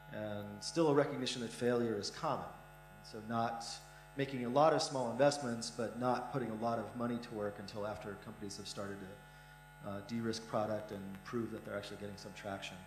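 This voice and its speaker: A middle-aged man speaks bluntly at a conference, his voice on the low side and peppered with fillers. The room is echoey, with a mains hum behind him and faint music. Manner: blunt, frank, many "uh" fillers. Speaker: investor, startup fund founder. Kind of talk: conference interview answers. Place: conference hall.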